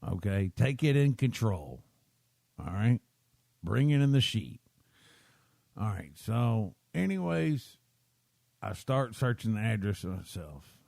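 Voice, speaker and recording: A man's voice: fairly low pitch, lively intonation, slow, vocal fry, dark tone, no echo, clean studio sound. A man, hosting a podcast and rambling through a self-deprecating story while checking in with his listeners. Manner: chatty, keeps checking in with listeners. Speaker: podcast host.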